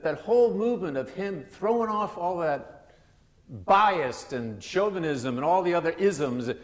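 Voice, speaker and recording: Man preaching in an echoing church. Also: on the high side. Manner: conversational, with frequent restarts and asides. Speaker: pastor. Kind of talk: sermon. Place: church sanctuary. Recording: long church reverb.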